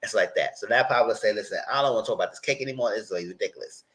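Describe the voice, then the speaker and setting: Hosting a reality TV recap, a man retells scenes in loose, rambling commentary peppered with quoted asides. His voice is lowish and a bit bright, and he talks rapid-fire.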